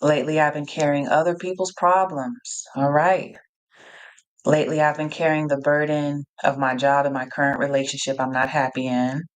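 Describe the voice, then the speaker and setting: A woman hosting a live-streamed Q&A, reading out chat replies in an energetic, encouraging way and often repeating herself. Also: sits low, normal speed. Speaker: live Q&A host, coach.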